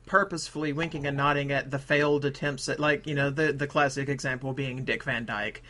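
A man's voice: mid-range voice, steady tone, fairly quick, bright, forceful tone. A man co-hosting a casual podcast, rambling between points and joking about accents. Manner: rambling, laughs, hams up mock accents. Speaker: podcast co-host. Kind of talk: casual chat.

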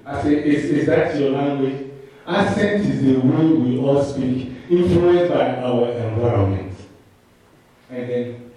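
High-voiced man teaching in an echoey hall. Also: moderate pace, warm tone. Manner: playful, calls on the crowd, call-and-response. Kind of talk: interactive talk to a live audience. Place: large room with an audience. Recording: echoey room, mic far off.

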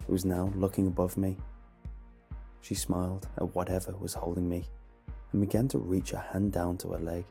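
Deep gravelly male horror narrator. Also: mellow. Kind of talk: scripted horror story narration. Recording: faint music bed behind.

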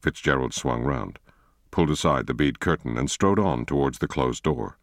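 A man reading a thriller novel aloud as an audiobook narrator, in a measured, steady way. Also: rumbling low, no room sound, clean studio sound. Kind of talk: scripted narration.

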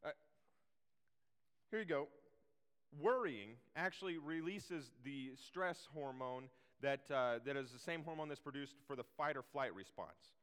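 A man's voice: mid-range voice, expressive, measured pace, a bit bright, clear, resonant tone, in a large hall. A man preaching a sermon in a casual, chatty way, full of fillers and restarts.

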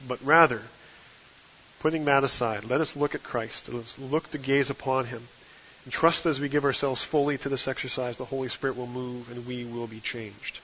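A man preaches a sermon at an ordinary middle pitch, building his points steadily and leaning hard on the key phrases. The recording sounds a little dull and muffled, with a faint hiss under his voice. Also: a bit bright. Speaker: guest preacher.

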